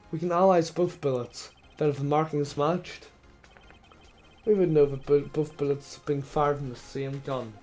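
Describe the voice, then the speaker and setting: A man voicing a confident young male defense attorney who argues steadily and methodically, his voice a little hoarse. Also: on the high side, darkish tone, lightly acted.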